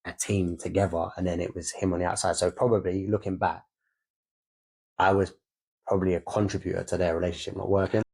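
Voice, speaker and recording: A man's voice: low-pitched, flat delivery, a little fast, gravelly, slightly rough. A young man, co-hosting a candid podcast about fatherhood and swearing freely as he talks. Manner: swears freely, re-enacts scenes loudly. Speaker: podcast co-host.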